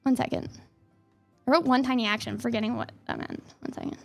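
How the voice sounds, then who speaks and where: A woman's voice: a little high, fairly even intonation, brisk, vocal fry, faint music behind. A young woman streaming live, talking casually and rambling with feeling, fillers all through. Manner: rambling and emotional, many "like" fillers. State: teary, near crying. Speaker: VTuber streamer. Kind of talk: casual livestream chat.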